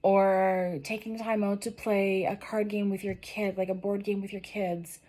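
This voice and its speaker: An emotional woman giving a tarot reading, talking earnestly and encouragingly to her viewers. She is near tears and her voice is wearing thin. Her pitch sits in the middle range for a woman. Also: flat delivery, a little slow, warm tone. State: tearful, losing her voice. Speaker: tarot reader. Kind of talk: general tarot reading to camera.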